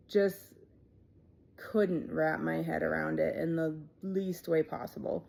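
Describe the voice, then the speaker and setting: A woman in her thirties telling her own life story in a casual, halting way, with many fillers and quiet trailing asides. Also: deep voice, fairly even intonation, gravelly. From Ohio, USA.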